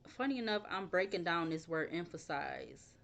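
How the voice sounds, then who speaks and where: Young woman, low voice, tarot reader who wanders off track and spells words out, casual and unscripted. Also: animated, normal speed, vocal fry, fairly bright tone. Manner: rambling, thinks aloud, spells words out.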